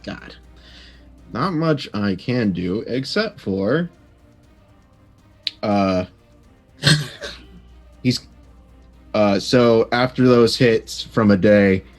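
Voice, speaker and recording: A man playing a tabletop game, hesitant and halting as he decides his move. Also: on the low side, animated. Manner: hesitant, halting, many pauses. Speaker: player. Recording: faint music behind.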